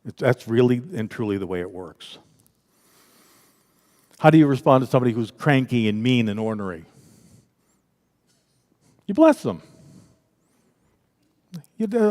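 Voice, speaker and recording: A man's voice: a little high, normal speed, pauses often. Man leading a church workshop, echoey hall. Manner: lively, conversational, acts out quoted voices. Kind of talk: interactive spiritual workshop talk. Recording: echoey hall with long reverb.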